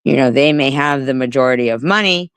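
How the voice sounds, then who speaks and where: A woman from the United States hosting a casual commentary stream, unhurried and opinionated, with many "um"s and "you know"s. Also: rumbling low, clean tone, no room sound, poor audio.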